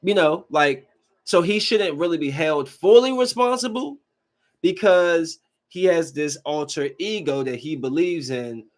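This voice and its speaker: A man hosting a podcast, giving a casual, slangy movie review with emphatic rants and quick asides. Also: on the high side. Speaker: podcast host.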